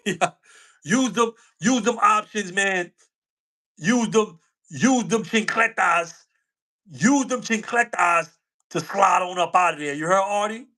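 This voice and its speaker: Brief: New man, high-pitched, slangy livestream co-host who laughs a lot. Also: takes it slowly, long pauses, sharp tone. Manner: slangy, laughs often, repeats himself. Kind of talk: casual livestream chat.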